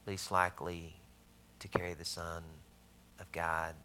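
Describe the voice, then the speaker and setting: A man with a Southern US accent preaching a sermon, telling stories with loud emphasis and hushed asides. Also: sits low, flat delivery, a little slow, slight background noise. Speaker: pastor.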